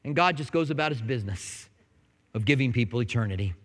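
A male pastor preaching an earnest sermon, swinging between loud emphatic lines and hushed, quiet ones. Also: medium pitch, expressive, quick pace, long reverb tail.

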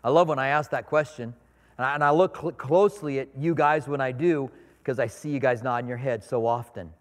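A man's voice: medium pitch, fairly quick. A middle-aged man preaching a sermon in a conversational, storytelling way, acting out little scenes in his anecdotes. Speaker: pastor. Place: church sanctuary. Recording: long reverb of a large hall.

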